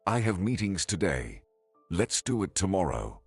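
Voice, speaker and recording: Man reading as a frightened, pleading wife, husky and low, lively lines. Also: moderate pace, dry recording, faint music behind, full character voice. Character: anxious married mother caught by ex-lover.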